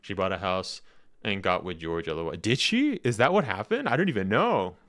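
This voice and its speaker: Rambling low-voiced male streamer. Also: fairly quick. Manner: rambling, chatty, laughs often; swings sharply up in pitch when excited. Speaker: livestream host reacting to game footage. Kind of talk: casual livestream chat.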